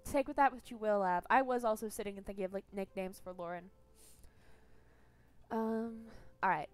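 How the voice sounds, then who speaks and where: A young woman streaming a story game, chatting casually, swearing freely and thinking out loud. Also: mid-range voice, moderate pace, pauses often. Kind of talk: casual gameplay commentary.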